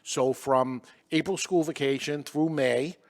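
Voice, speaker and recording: A man's voice: fairly high pitch, measured pace, a little hiss or hum. Guy in his 60s from massachusetts, spinning a story, acts out the lines. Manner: animated, acts out dialogue. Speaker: guest, business owner. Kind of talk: casual storytelling.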